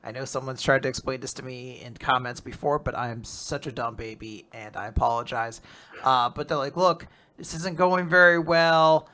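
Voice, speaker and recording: A man co-hosting a podcast, chatting casually and retelling a story with quick character voices and frequent laughs. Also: medium pitch, fairly even intonation, pushed and bright. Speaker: podcast co-host recapping manga. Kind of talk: casual chat.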